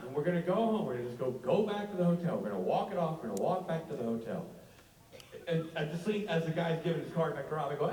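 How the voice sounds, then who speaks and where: A man's voice: on the high side, quick pace. A man hosting a convention panel, telling a comic story with swearing and laughter, recorded from far off in a big echoey hall. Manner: animated, profane, laughing. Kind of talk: comedic storytelling on stage.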